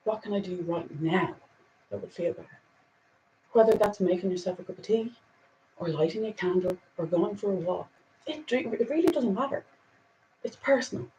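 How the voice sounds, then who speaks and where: A woman hosting a casual spiritual talk and reading angel cards, earnest and reflective, with soft laughs and a little emotion. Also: medium pitch, lively intonation, normal speed, long pauses, slight background noise, poor audio.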